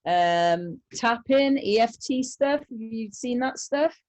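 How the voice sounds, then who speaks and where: A woman's voice: on the high side, expressive, takes it slowly, a little mellow. A woman guest in a casual video chat who talks hesitantly, with many fillers and restarts.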